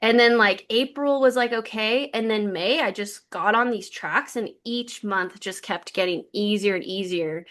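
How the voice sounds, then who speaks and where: A woman co-hosting a podcast, telling stories in a lively casual chat full of "like" fillers. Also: medium pitch, unhurried, hardly any pauses. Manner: lively storyteller, many "like" fillers. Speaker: podcast co-host.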